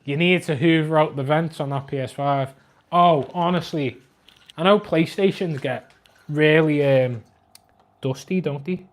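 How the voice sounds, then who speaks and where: Chatty young Scouse man. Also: a little high. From Liverpool, England. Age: 20s. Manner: quick, chatty, jokey. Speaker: aquarium livestream host. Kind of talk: casual livestream chat reading comments. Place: flat at home.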